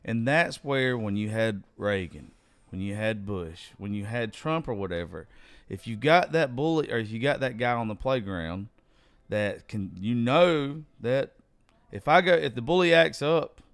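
A man's voice: mid-range voice, animated, measured pace, dry recording. A man hosting a casual political talk show, rambling loosely with hesitations, then speaking with more fire.

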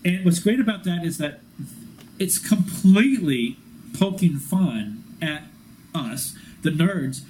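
A man co-hosting a casual fan podcast, excitable and quick, laughing at himself as he talks. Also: on the high side, a little hiss or hum, low-quality recording. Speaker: podcast co-host.

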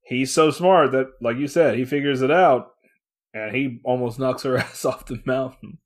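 A man's voice: mid-range voice, normal speed. A man co-hosting a podcast, chatting casually about a comic book, swearing, laughing often and acting out the characters' lines. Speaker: podcast co-host.

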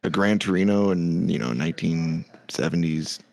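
A man's voice: deep voice, normal speed, creaky, darkish tone. A man, a car salesman guest on a podcast, chatting casually, laughing often and swearing freely. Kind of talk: casual chat.

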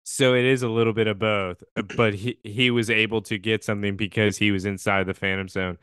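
A man's voice: on the low side, flat delivery, a bit bright, smooth, no echo, studio quality. A man co-hosting a casual podcast, tossing in teasing quips and jokes. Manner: joking, quick teasing quips. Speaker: podcast co-host. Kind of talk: casual chat.

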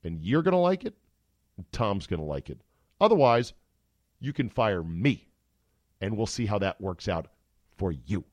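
A man's voice: mid-range voice, a little fast, no room sound, lightly acted. Brief: a man voicing a blunt, swearing head coach, commanding and fed up, dry close sound. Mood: angry. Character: gruff, angry male football head coach.

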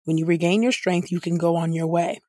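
A woman's voice: on the low side, steady tone, a little fast, dark tone, dry recording, clean studio sound, close to an everyday voice. A woman reading the lines of a cautious female medium, in a plain scripture-reading voice. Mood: wary. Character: wary female medium, later caring.

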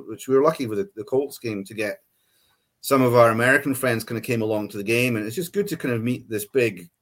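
A man from Scotland, a fan group organiser explaining in a casual interview. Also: medium pitch.

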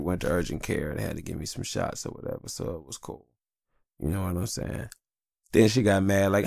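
A man's voice: low voice, normal speed, vocal fry, no echo, studio quality. A man hosting a solo podcast, talking casually in a rambling, profane, blunt way about his family and life. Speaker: podcast host.

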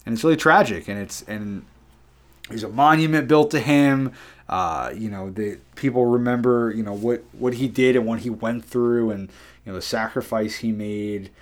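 Male podcast co-host, mid-pitched voice, earnest and chatty, retells scenes with quoted lines. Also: normal speed. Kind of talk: casual chat.

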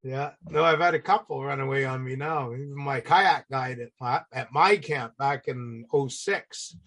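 A middle-aged man telling a casual, salty story as a podcast guest, acting out the people in it with animated voices. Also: mid-range voice, slightly rough.

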